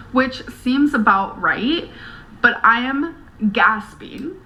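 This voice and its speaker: A woman's voice: sits high, pushed and bright, poor audio. A woman vlogging to camera in a rambling, earnest, emotional way. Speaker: YouTuber. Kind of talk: talking to camera vlog.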